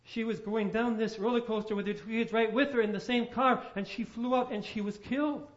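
Male pastor preaching, storytelling, lots of rhetorical questions, highish voice, muffled lo-fi sound. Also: steady tone, brisk. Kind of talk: sermon.

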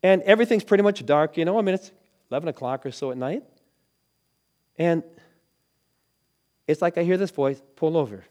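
A man preaching a sermon, telling a story dramatically and dropping from loud lines to hushed ones. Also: a little high, fairly quick, long pauses. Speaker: pastor.

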